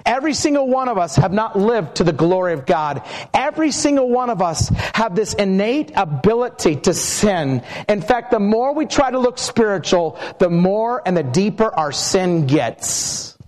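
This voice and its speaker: A man preaches a sermon with emphatic, measured phrasing, telling stories and sometimes slowing to draw out words. His voice sits high and sing-song with a darkish tone, and long hall reverb surrounds it.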